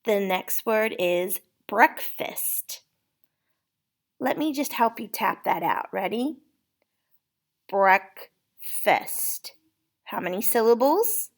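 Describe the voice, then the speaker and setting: A woman leads a spelling lesson at a very slow, deliberate pace. She patiently sounds out each word letter by letter for a young learner. Her pitch sits at an ordinary middle level. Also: lively intonation. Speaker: teacher.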